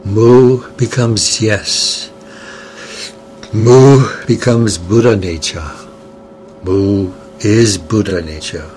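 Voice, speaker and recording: An older man giving a Zen dharma talk in a slow, measured and earnest way, with many questions and long pauses. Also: fairly low pitch, a little mellow, slight background noise, rough recording. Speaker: Zen teacher.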